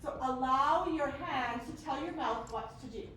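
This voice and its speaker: A woman's voice: high-pitched, moderate pace, a bit bright, a little hiss or hum. A woman leading a choir workshop, encouraging the singers and demonstrating vowels by singing them. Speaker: choir clinician. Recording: echoey hall from far off.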